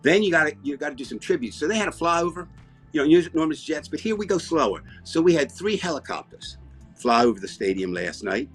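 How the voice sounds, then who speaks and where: A man with an Alabama Southern accent, hosting a comedy show and rambling deadpan through comic banter. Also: on the high side, fast, slightly rough, faint music behind. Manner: rambling, deadpan, self-interrupting.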